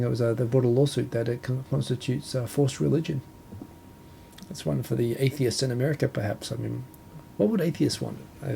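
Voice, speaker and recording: A man's voice: mid-range voice, creaky, mellow, a little hiss or hum. A man from New Zealand with a New Zealand accent, hosting a casual solo talk show and rambling with self-corrections and chuckles. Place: home, Tokyo.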